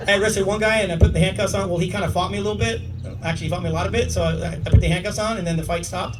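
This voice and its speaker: On a comedy club stage before a live audience, a middle-aged man tells stories at a very fast clip, acting out what people said. His voice sits high with fairly even intonation. It's an audience recording from across the room, distant and noisy with loud laughter.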